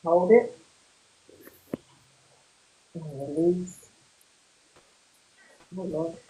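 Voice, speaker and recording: Slow, calm woman guiding relaxation. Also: on the low side, a little hiss or hum, poor audio. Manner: slow, calm instructions with pauses. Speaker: therapist leading a group session. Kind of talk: guided relaxation exercise.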